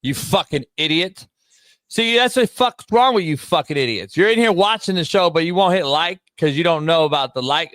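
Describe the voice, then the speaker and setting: A man's voice: fairly high pitch, lively intonation, moderate pace, a bit bright, no echo, studio quality. A man hosting a live sports talk show, ranting brashly and swearing freely.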